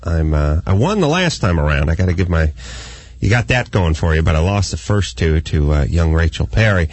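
A man hosting a comedic talk radio show, rambling and animated in his banter. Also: deep voice, a little fast. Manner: rambling, animated, slips into mock voices.

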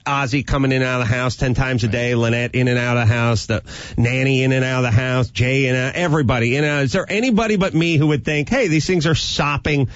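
A male radio host delivers a long, animated rant, acting out quotes of himself and his household. The sound is dull and lo-fi, very dry with no room to it. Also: mid-range voice, fast talker, dry recording. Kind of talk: comedic rant and phone interview.

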